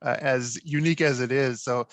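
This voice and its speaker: A man's voice: mid-range voice, steady tone, moderate pace, no echo. A man hosting a podcast, asking his guests questions with many hesitations and fillers. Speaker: podcast host. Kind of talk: interview questions.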